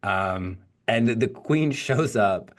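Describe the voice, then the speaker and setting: A young man with a fairly low voice talks casually as a podcast co-host, recapping an old animated film. He fills his talk with ums and likes, and slips briefly into characters' lines. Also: slow pace. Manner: chatty, lots of fillers, acts out quotes in passing.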